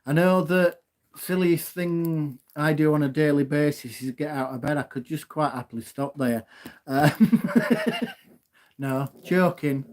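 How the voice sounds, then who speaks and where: A loud, gobby man chats on a live stream from his phone at home, laughing as he goes. His voice sits fairly high for a man, and he takes his time over the words. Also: a little slow. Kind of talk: casual live stream chat.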